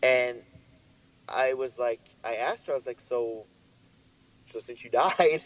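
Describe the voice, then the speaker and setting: A young man co-hosting a podcast, telling a story in a lively way and swearing often, his voice jumping up when he gets worked up. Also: mid-range voice, slow pace, low-quality recording. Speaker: podcast co-host. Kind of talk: casual chat.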